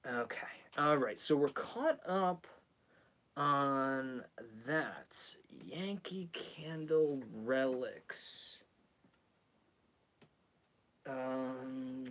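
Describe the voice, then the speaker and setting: A man's voice: medium pitch, lively intonation, extremely slow, fairly bright tone. A man with a head cold, hosting a live stream in a rambling, self-mocking, chatty way. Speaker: host.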